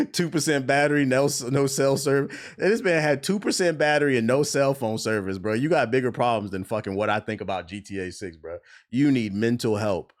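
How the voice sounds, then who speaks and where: A man streaming live, ranting at his viewers in a heated, mocking and profane way. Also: mid-range voice.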